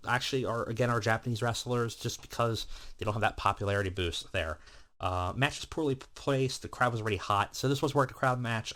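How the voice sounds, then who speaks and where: A man's voice: fairly low pitch, fairly bright tone. A man giving casual, rambling commentary on a wrestling management game, with many filler words. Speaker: let's play host.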